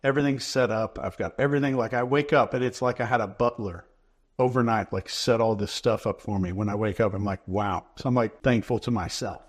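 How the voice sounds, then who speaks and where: A man, a guest in an interview, explaining ideas in a measured, instructive way and repeating key phrases for emphasis. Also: medium pitch. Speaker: behavior expert guest.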